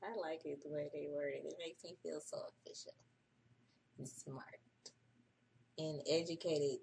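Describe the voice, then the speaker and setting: A woman's voice: sits low, normal speed, gravelly, a little mellow, a little hiss or hum. A woman hosting a casual early-morning livestream, profane and chatty, reading an article aloud and breaking off for her own asides. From United States. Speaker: livestream host.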